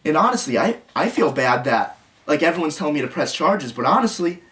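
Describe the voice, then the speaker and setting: A man's voice: a little high, very animated, brisk, fairly bright tone, recorded from a distance. A young man telling an agitated story to the camera, rambling and restarting, quoting what others said. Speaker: vlogger.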